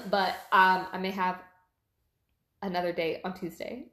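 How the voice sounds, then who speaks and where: A woman's voice: on the low side, measured pace, fairly bright tone. A woman in her twenties co-hosting a casual chat, talkative and giggly, often trailing off mid-sentence. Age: 20s. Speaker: podcast co-host. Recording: echoey room.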